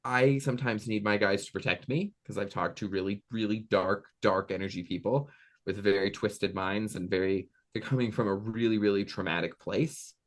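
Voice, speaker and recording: A man's voice: on the low side, moderate pace. A man in his thirties, a medium talking casually as an interview guest, telling stories and acting out voices. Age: 30s. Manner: animated, acts out voices in anecdotes.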